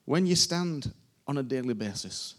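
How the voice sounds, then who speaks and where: Preaching before a congregation at a church service, this man speaks with an animated, medium-pitched voice at a moderate pace. He's informal and emphatic, often repeating his phrases.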